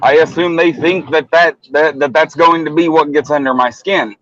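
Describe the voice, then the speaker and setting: A man's voice: fairly high pitch, fairly even intonation, normal speed, fairly bright tone. Blunt, rambling man on a livestream. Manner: blunt, profane, rambling with many restarts. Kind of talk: casual livestream chat. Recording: muffled dry lo-fi audio.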